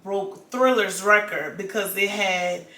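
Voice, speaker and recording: Woman vlogger, casual rambling chat, sharp bright tone, roomy echo. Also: mid-range voice, slow pace. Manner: chatty, rambling, many "like"s and restarts. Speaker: vlogger reviewing a documentary.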